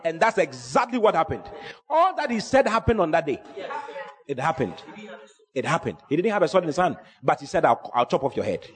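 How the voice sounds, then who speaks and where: A man preaching a sermon in an animated way, repeating phrases and breaking into shouts. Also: a little high, a little fast, breathy edge.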